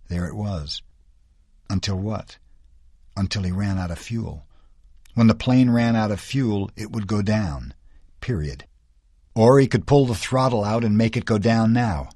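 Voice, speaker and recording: A man's voice: lowish voice, darkish tone, breathy edge, no echo, studio quality. A man narrating an audiobook in a tense, dramatic storytelling manner.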